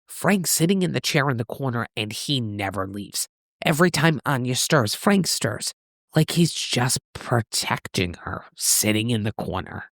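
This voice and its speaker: A woman co-hosting a casual podcast, recapping a novel with lively storytelling and freely swearing. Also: a bass voice, unhurried, dry recording, clean studio sound. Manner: animated storytelling, acts out characters' lines in shifting voices, swears freely. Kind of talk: casual book recap chat.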